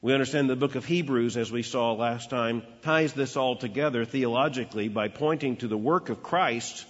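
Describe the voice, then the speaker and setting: Male pastor, storytelling sermon voice, husky, heard in a reverberant church hall. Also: mid-range voice, moderate pace. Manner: storytelling preacher, emphatic repetition. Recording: dull lo-fi with long hall reverb.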